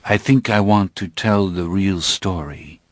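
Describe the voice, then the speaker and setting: A man voicing a calm, brooding centuries-old male vampire, speaking in a measured, grave way. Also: deep voice, dry recording. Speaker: narrator.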